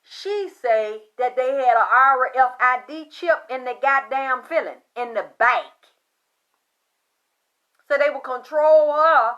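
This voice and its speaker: A woman telling a story in a loud, profane, excitable monologue, acting out the voices she quotes. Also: high-pitched, slow, smooth, lo-fi sound. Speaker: spiritual commentator.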